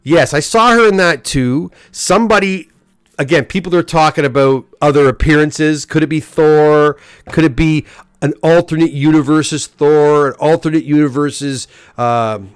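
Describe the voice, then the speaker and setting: A man's voice: fairly high pitch, moderate pace, clear, resonant tone, no room sound, clean studio sound. A middle-aged man hosting a live stream, reading chat comments aloud and ranting with lots of stammered restarts. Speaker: host of comic live stream.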